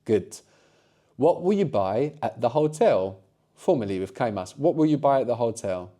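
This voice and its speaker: Mellow-voiced man teaching a language. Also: mid-range voice, sing-song, normal speed. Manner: explanatory, frequent tag questions. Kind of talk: guided language lesson.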